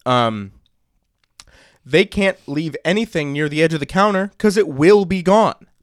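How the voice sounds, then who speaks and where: A man's voice: a little high, animated, a little slow, dry recording, studio quality. A young man co-hosting a casual podcast who rants bluntly and sarcastically, swearing as he jokes. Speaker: podcast co-host. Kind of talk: casual chat.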